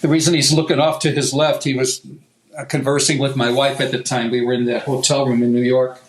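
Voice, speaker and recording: Man telling stories with animated laughter. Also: medium pitch, a little fast, low-quality recording. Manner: animated anecdotal telling, acts out quoted voices, laughs often. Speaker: guitar maker, guest. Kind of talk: storytelling interview.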